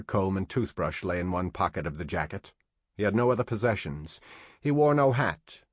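Man, very deep voice, dry close sound, steady audiobook narration. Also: no room sound. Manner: steady, measured storytelling.

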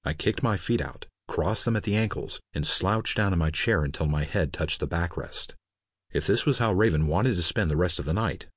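Male narrator, very low husky voice, dry close read, steady and understated. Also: dry recording. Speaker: audiobook narrator. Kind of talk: first-person scripted narration.

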